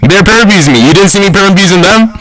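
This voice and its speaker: A young man roasts a rival during a voice chat debate, keeping up a mocking, needling tone and repeating each accusation several times. His voice sits a little higher than most men's, and the lo-fi online mic captures it. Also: very fast, fairly bright tone. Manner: taunting, repeats his questions over and over. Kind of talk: trash-talk roast on a voice chat.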